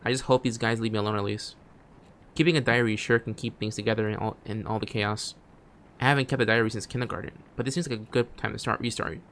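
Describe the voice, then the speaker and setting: Low-voiced man reading game text. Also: fairly even intonation, fast, a little hiss or hum. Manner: reads on-screen text aloud, stumbling and restarting phrases; drops quiet asides between read lines. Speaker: streamer. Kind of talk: gameplay commentary, reading game text aloud.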